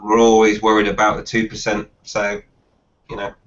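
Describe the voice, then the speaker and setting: A man's voice: fairly low pitch, completely flat delivery, fairly bright tone. Man hosting a hangout Q&A. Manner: brisk, chummy, reads out questions. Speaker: host of a live Q&A hangout. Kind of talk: casual panel chat, reading viewer comments. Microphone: video call. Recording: dull lo-fi video call audio.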